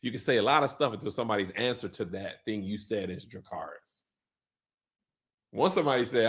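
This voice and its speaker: A man hosting a comedic recap of a TV episode, telling the story in animated slang and putting on playful voices for the characters. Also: fairly low pitch, fairly quick, husky. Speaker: show recap host.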